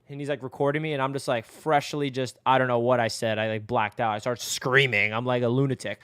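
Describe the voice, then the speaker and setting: Excitable young man live-streaming, dry close sound. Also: mid-range voice, fast, few pauses, smooth, no echo. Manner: excitable, rambling, bursts into yelling. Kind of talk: casual live stream chat.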